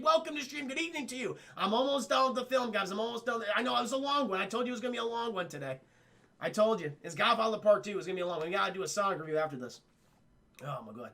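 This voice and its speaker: Streamer, male, bright and fairly high voice, chatty and profane, recaps a film live to his chat. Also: creaky. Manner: chatty, profane, retells scenes in acted quotes. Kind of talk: casual livestream film recap talking to chat.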